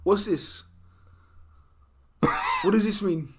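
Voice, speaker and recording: A young man co-hosts a podcast, chatting casually in a high-sitting voice with a breathy edge and a slow pace. He tells stories animatedly and laughs a lot.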